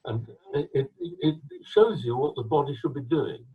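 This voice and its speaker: An older English man with a husky voice, answering interview questions over a video call from home in a rambling, anecdotal way. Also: medium pitch, normal speed, phone-quality sound. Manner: rambling, anecdotal, with restarts and coughs. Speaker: trombonist and mouthpiece maker, interviewee. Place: his home.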